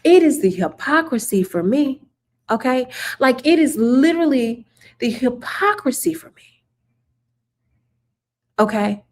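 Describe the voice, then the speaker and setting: A woman's voice: sits high, expressive, a little slow, long pauses. A woman hosting casual political commentary, sarcastic and emphatic, repeating her points for the viewers.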